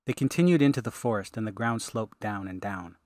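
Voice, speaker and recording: A man, the author, reading his fantasy audiobook in steady, measured narration. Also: fairly low pitch, no room sound. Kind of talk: scripted narration.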